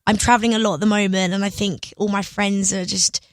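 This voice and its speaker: A young woman, a singer, telling stories in an excitable, giggly way as a radio guest. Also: mid-range voice, fairly quick, dry recording. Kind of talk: casual interview chat. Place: radio studio.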